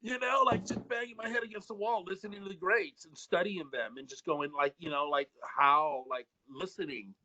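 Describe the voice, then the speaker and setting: A man's voice: sits high, moderate pace, hardly any pauses, noisy background. A man, a recording engineer, telling studio stories in a casual video-call chat, swearing freely and acting out quotes. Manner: animated storyteller, swears freely, acts out quotes. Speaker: recording engineer and producer guest.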